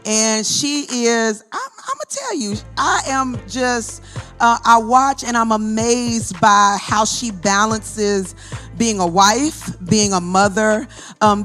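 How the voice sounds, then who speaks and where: A woman hosting a women's ministry event at a church, talking to the audience in an excited, chatty way. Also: mid-range voice. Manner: excited, chatty, laughs often, addresses audience directly. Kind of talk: hyped live event hosting.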